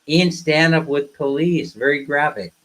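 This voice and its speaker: Fairly high-pitched and a bit bright, this man talks in an unhurried way with lively intonation over a rough recording. He's a live streamer and co-host of a couple's channel, casually ranting at viewers before teasing them in fun.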